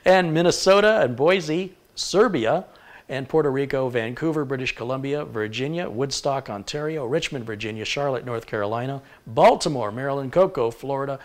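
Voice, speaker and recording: A man's voice: mid-range voice, expressive. Man reading out viewer locations on a livestream. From Michigan. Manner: reads out place names briskly, stumbles over pronunciations. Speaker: tech livestream host. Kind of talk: live stream, reading viewer shout-outs.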